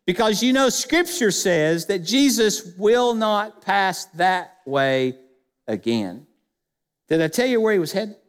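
Male pastor, high-pitched and emphatic, preaching with rhetorical questions in a church with a long reverb. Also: fairly bright tone. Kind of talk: sermon. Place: church sanctuary.

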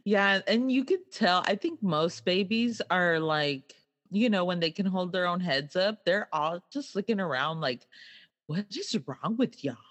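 Slow-talking, giggly speaker in casual chat. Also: mid-range voice, lively intonation, fairly bright tone. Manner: giggly, laughs often, acts out quotes.

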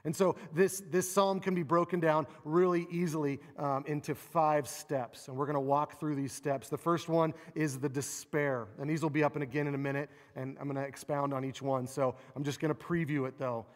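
A man delivers a sermon with an expressive, animated manner, slipping into quoted cries of lament. His voice sits fairly high for a man. It rings out with long reverb from a large hall. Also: normal speed, few pauses. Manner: expressive, acts out quoted laments with rising pitch. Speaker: preacher.

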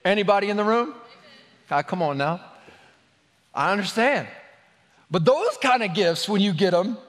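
Pastor guy preaching to a crowd, chatty and jokey, kinda high voice, long hall echo. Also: expressive, moderate pace, fairly bright tone. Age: adult, married. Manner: conversational, joking with the congregation. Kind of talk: sermon. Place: large hall with an audience.

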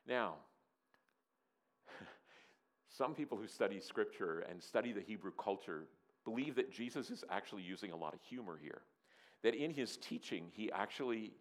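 A man preaching a sermon, animated and playful, who acts out scenes and sometimes drops to a soft, earnest tone. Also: lowish voice. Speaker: pastor.

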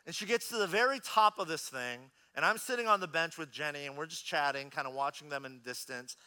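A man in his thirties preaching a sermon as a pastor, telling a personal story in an animated, conversational way. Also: a little high, quick pace, smooth.

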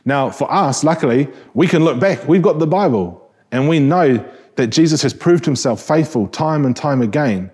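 A man with a New Zealand accent delivers a sermon in a relaxed, conversational way, restarting his phrases and asking the congregation questions. His voice is warm and mellow, with a slightly husky edge. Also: a little high, normal speed, hardly any pauses. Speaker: preacher.

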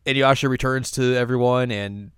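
A young man co-hosting a casual podcast, recapping an episode and slipping into quick character voices as he retells scenes. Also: mid-range voice, steady tone, a bit bright, clear, resonant tone, dry recording, clean studio sound. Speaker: podcast co-host.

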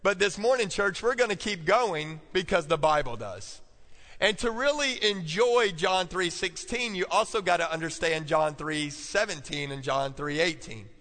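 At a moderate pace, a male pastor with a high, bright, forceful voice delivers a sermon in church. Calling out to the congregation, he repeats key points for note-taking, call-and-response style, under long hall reverb.

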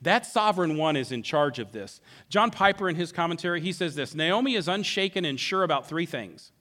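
A man preaching a sermon who acts out the characters' words in an animated way. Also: on the high side, fairly quick. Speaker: pastor.

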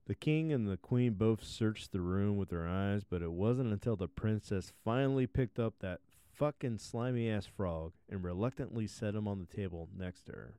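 Crude, low-voiced male storyteller. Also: moderate pace, few pauses, dark tone, clean tone, no echo. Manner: crude, laughing asides. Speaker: podcast host, storyteller. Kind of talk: profane comic fairy-tale retelling.

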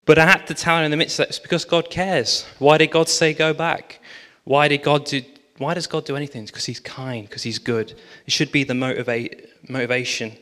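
A man preaching as a pastor, telling a story lively with quoted dialogue. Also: on the high side, brisk, hardly any pauses. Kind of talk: sermon storytelling. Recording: long reverb of a large hall.

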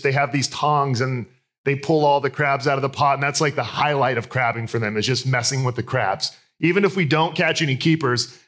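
A man's voice: fairly high pitch, a bit bright. A man in his thirties preaching a sermon, telling candid, self-deprecating personal stories. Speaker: pastor.

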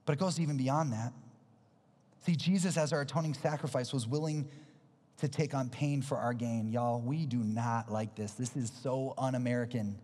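A male pastor preaching a sermon, earnest and emphatic, repeating key phrases and sinking into low, intense tones. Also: steady tone, moderate pace, dark tone. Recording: long hall reverb.

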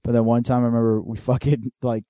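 A young man telling profane, animated stories in casual podcast chat. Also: quick pace, no echo. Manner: profane storytelling, mimics his dad in a loud high voice. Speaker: podcast co-host.

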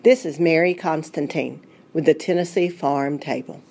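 A woman's voice: low-pitched, moderate pace, warm tone. Middle-aged woman, southern appalachian accent, folksy, chatty, radio food segment. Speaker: food writer.

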